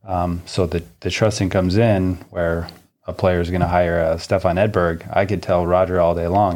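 A man's voice: deep voice, flat delivery, normal speed, a little mellow. A man, a tennis coach, agreeing with his co-host and adding his own points on a casual podcast.

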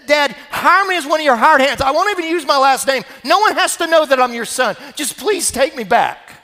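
A man's voice: extremely high pitch, expressive, fairly quick, bright, forceful tone, pitched above the performer's own voice, exaggerated voice. A man preaching voices a remorseful young man who stammers as he begs his father's forgiveness. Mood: pleading. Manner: pleading, stammering. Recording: long reverb of a church hall.

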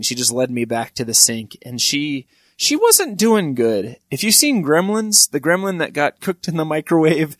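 A middle-aged man telling funny personal stories, with wry asides and sudden high-pitched emphasis. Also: no echo, studio quality. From Wyoming. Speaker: storyteller. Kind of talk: comic personal storytelling.

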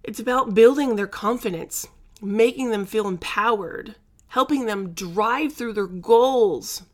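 A woman life coach talking frankly in a vlog, emphatic and animated, with blunt slang and laughter between her points. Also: medium pitch. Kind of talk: candid talking-head vlog.

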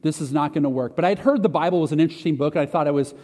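A pastor with a mellow, higher-pitched voice preaches a conversational sermon in rapid-fire fashion. He talks casually, pokes fun at himself, and restarts sentences, with long hall reverb on the recording.

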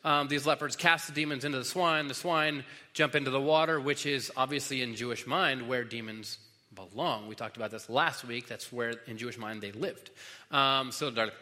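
A man's voice: medium pitch, normal speed, pushed and bright. A man preaching a sermon as pastor, teaching in a casual way full of fillers and restarts, in a large hall. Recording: long hall reverb.

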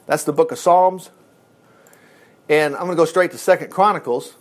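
A man teaching from the Bible in a casual, animated way, reading verses aloud and breaking in with his own asides. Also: a little high, normal speed.

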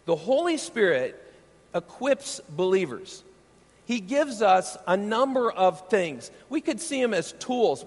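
Male pastor, from Iowa, sermon, high voice, emphatic, rhetorical questions, long hall reverb.

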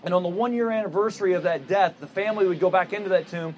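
A man's voice: high-pitched, fast talker, slight background noise. A man preaching a sermon in a conversational storytelling way, asking the audience rhetorical questions. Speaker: pastor.

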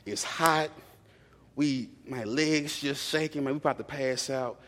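A young man delivers a sermon in a loose, conversational storytelling voice, often repeating key lines for emphasis. His pitch sits in the middle of the usual range for men. The sound rings out with the long reverb of a large church hall. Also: fairly even intonation, a little slow, fairly bright tone. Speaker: preacher.

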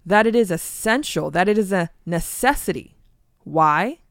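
A woman co-hosting a Bible teaching podcast, reading scripture slowly and deliberately. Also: fairly low pitch, expressive, no echo, clean studio sound.

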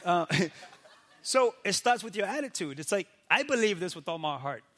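Pastor, male, high bright tone, lively and conversational, peppers talk with "right?". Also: normal speed. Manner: animated, keeps asking "right?" and acts out quoted people. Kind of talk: casual faith talk.

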